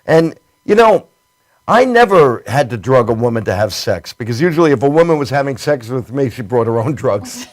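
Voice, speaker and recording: A man's voice: medium pitch, very animated, moderate pace. A middle-aged man hosting a comedy talk show, joking and laughing often in casual chat.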